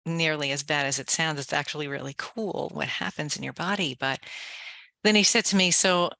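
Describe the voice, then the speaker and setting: A woman's voice: sits low, normal speed, creaky, bright, forceful tone, no echo. A woman author, a guest in an interview, telling her story with energy and coaching the listener through breathing exercises. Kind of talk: conversational interview, guided relaxation instructions.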